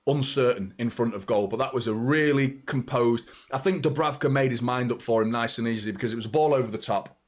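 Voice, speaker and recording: A young man with a mid-range voice excitedly chats through a live football watchalong, reacting to the match and greeting viewers by name.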